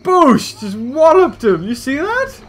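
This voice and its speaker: A man narrating a game in a high voice that leaps up and down as he exclaims at every turn. He keeps up a running let's-play commentary, quick to gasp and cheer. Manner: excitable, exclaiming at the action. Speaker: gaming video host.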